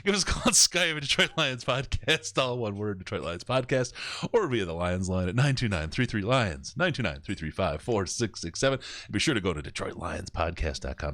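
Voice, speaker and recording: A man's voice: low voice, a bit bright, no echo, studio quality. A man hosting a live sports podcast, running through upcoming dates and plugs in a loose, joking, rambling way with plenty of fillers. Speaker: podcast host.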